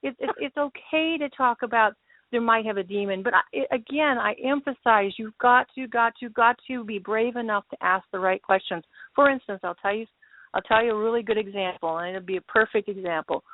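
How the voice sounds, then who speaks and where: A woman hosts a paranormal talk show, chatting and telling stories with emphasis. Her voice sits fairly high. The sound is tinny and phone-like, with a dry, close feel. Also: brisk, no echo. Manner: chatty storyteller, emphatic, laughs easily. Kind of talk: casual talk show chat.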